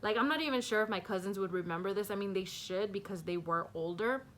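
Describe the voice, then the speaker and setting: A woman's voice: medium pitch, fast, fairly bright tone, a little hiss or hum. A young woman telling a personal story in a casual vlog, rambling with many fillers and nervous laughs. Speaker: vlogger.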